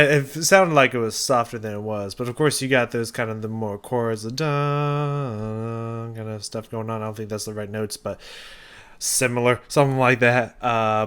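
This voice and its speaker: Male reaction host, casual song breakdown, halting and rambling, restarts often. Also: mid-range voice, fairly bright tone, smooth. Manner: rambling, thinking aloud with many restarts and fillers. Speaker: music reaction youtuber.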